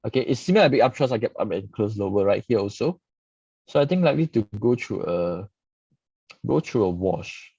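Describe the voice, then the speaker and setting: A man's voice: fairly low pitch, animated, fairly quick, warm tone, breathy edge, dry recording. A man reviewing stock charts live, peppering his talk with "okay". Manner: frequent "okay" tags, casual explaining. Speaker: stock market analyst host. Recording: dull lo-fi dry sound.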